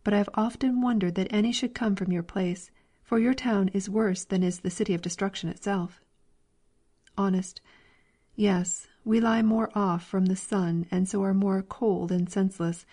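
A woman reading a classic allegory aloud in a calm, measured storybook manner, voicing the characters plainly. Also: medium pitch. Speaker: reader. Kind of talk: scripted narration of a classic allegory.

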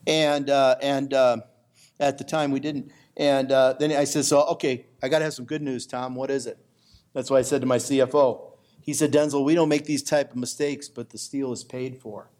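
A man's voice: mid-range voice, steady tone, moderate pace, darkish tone. A middle-aged man telling a business story on a panel, rambling and restarting with many fillers. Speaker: business owner sharing testimony.

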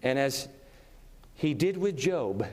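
A man preaching a sermon in a lively, conversational style, chuckling often as he goes. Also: medium pitch, slow. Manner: animated, conversational, laughs often. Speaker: pastor. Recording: long reverb of a big hall.

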